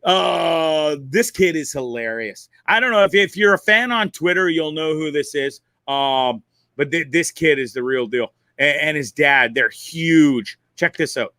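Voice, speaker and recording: A man with a high, sharp voice hosts a live online show from his desk, rambling through video clips with plenty of swearing and laughter. His voice sits close and dry on the mic, with no room sound. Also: animated, unhurried, no room sound. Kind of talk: casual commentary on viral videos.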